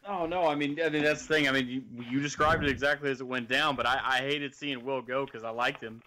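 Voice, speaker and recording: Bright-toned relaxed co-host man. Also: mid-range voice, fast, poor audio. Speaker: podcast co-host. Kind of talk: casual chat.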